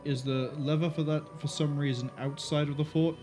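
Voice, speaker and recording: A male streamer giving casual commentary over his gameplay. He tosses in playful, joking asides in a relaxed, everyday voice. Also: a little high, moderate pace, music in the background.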